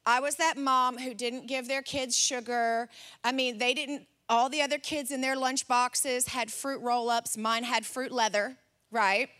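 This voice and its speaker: A woman in her forties delivers a sermon through a lively personal story. Her voice sits high and sounds bright. She jumps into the voices of the people in the story as she tells it. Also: a little slow. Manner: animated storyteller, acts out her son's voice. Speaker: pastor.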